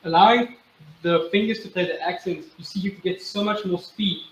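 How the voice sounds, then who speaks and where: A man's voice: sits high, steady tone, fairly quick, heavy background noise. A male drumming instructor demonstrating exercises, counting aloud and chanting rhythms with patient encouragement. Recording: echoey room with loud drumming. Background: loud drum playing.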